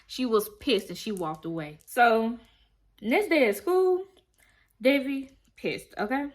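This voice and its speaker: This young woman vlogger reviews TV, speaking slowly in a slightly high, expressive voice. She gives a chatty recap of an episode, acting out quoted lines and talking straight to her viewers.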